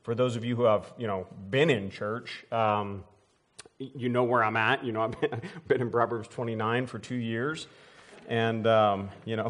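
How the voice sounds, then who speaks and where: A pastor preaching a sermon in his church, folksy and rambling, full of restarts, and building up to emphatic preaching. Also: medium pitch. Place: church sanctuary.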